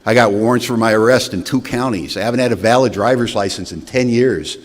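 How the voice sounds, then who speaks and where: A man's voice: mid-range voice, a little fast. A man giving a personal recovery testimony at a meeting, with candid, wry storytelling that acts out past conversations. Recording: long hall reverb.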